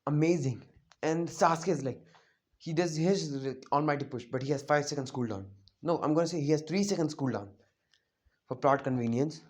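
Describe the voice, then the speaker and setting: Speaking briskly at a medium pitch, this fan improvises a what-if anime plot in a casual ramble, constantly using fillers and correcting themselves.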